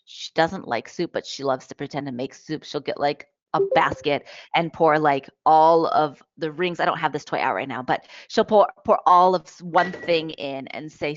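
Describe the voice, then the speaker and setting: A woman presenting on children's play in a lively, demonstrative way, often checking in with her listeners. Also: sits low, moderate pace, dry recording. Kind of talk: webinar talk with toy demonstrations. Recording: dull, lo-fi, dry audio.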